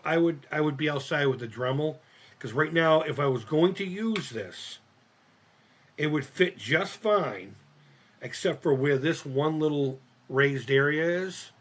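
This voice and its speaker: A man talks his way through a model build on a live stream, thinking out loud and swearing as he goes. His voice is husky and on the high side for a man, and it swings up and down a lot. He speaks slowly and often laughs at his own mistakes. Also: animated. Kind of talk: casual live-stream chat while crafting.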